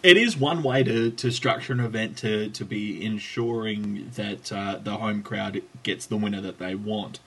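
Joking husky male host. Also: fairly low pitch, unhurried, few pauses. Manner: jokey, rambling, trails off quietly. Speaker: podcast host. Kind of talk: casual chat.

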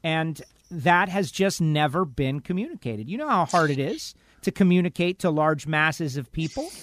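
This talk radio caller or host is a man with a somewhat high, animated, slightly bright voice at a moderate pace. Emotionally shaken by bad news, he delivers an impassioned, rambling opinion with emphasis, mimicking what others said.

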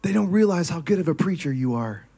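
A preacher voicing the sly, coaxing whisper of the flesh during a sermon. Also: male voice, fairly high pitch, animated, fast talker, vocal fry, dark tone, husky, voice pushed down, full character voice.

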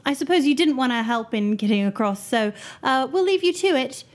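A woman playing a tabletop game, speaking calmly and dryly. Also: high voice, brisk. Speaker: player.

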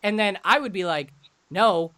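A young man co-hosting a casual podcast chat. He is blunt and swears freely, and he slips into quick acted-out voices when he quotes other people. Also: a little high, expressive, bright, forceful tone. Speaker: podcast co-host.

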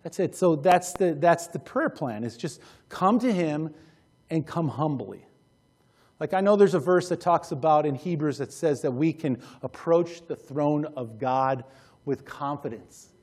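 A male pastor preaches with a husky, high-set voice. He presses his points with urgency, swinging between animated bursts and hushed, earnest stretches. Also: a little slow. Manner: urgent, animated preaching that drops to quiet intensity. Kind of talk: sermon.

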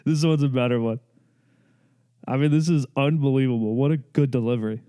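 A young man talks casually as a podcast host. His voice is mellow and dark, and he rambles in a loose, joking way with plenty of fillers. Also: medium pitch, a little fast, clear, resonant tone. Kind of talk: casual chat.

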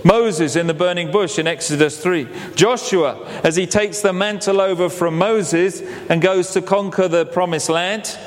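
A man preaching a sermon, telling it as an animated story and acting out the quotes. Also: high voice, normal speed, hardly any pauses. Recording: long hall reverb.

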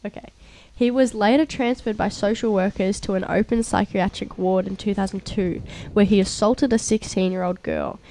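A woman's voice: mid-range voice, steady tone, dark tone, slight background noise. A young woman co-hosting a casual chat podcast, reading articles aloud with stumbles and giggles. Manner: reads aloud haltingly with stumbles, chatty and giggly. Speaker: co-host.

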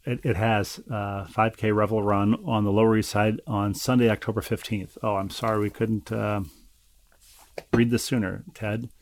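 Wry gravelly man reading mail. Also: fairly low pitch, little pitch movement, dry recording. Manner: wry, teasing, halting with restarts. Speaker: podcast co-host. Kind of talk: casual chat, reading listener mail.

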